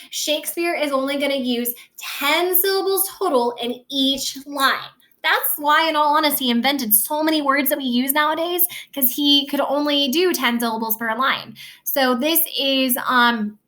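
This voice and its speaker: A woman's voice sits high, pushed and bright, as she teaches a recorded lesson. She guides students with patience, lengthening words slowly to show where the stress falls.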